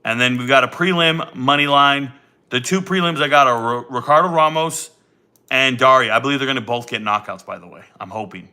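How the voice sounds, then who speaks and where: A man's voice: a little fast, pushed and bright, smooth. A man hosting a casual livestream, brash and joking, talking through his betting picks and teasing chat. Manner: brash, joking, jumps into high teasing voices. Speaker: sports betting streamer. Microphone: desk mic.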